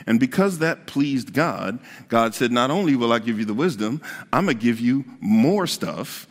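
A man's voice: mid-range voice, lively intonation, moderate pace, big-room sound. A man preaching a conversational sermon as pastor, repeating his key points for emphasis.

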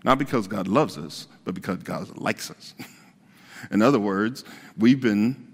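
A man's voice: lowish voice, measured pace, vocal fry, slightly rough, in a large hall. A man preaching a conversational sermon as pastor, repeating his key points for emphasis.

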